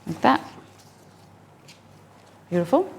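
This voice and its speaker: A woman's voice: a little high, very animated, slow pace, vocal fry, darkish tone, slight background noise. A woman, chatting upbeat to her viewers while she cooks in her home kitchen. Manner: chatty, upbeat, reacts to chat while cooking. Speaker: cooking streamer. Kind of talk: live cooking stream chat.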